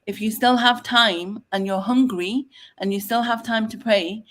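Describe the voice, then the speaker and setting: A woman's voice: on the high side, steady tone, measured pace, fairly bright tone. A woman hosting a casual online chat, talking in a rambling, chatty way with many fillers. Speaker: host.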